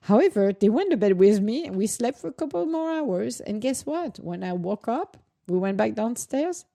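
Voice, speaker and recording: A woman's voice: on the high side, lively intonation, normal speed, gravelly, mellow, no room sound. A woman chatting casually in a vlog, telling stories animatedly, with laughter and acted-out quotes. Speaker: vlogger, dog owner. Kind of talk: casual chat.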